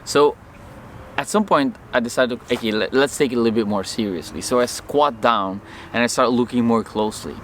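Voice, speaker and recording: Animated man telling a story outdoors. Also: medium pitch, a little fast, slight background noise. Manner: animated, acts out his own and others' lines in the story. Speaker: vlogger. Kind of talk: casual storytelling to camera.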